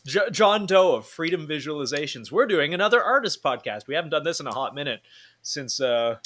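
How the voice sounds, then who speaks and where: A young man hosting a podcast in casual chat, teasing his guest with quick banter. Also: a little high, expressive, a bit bright. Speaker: podcast host.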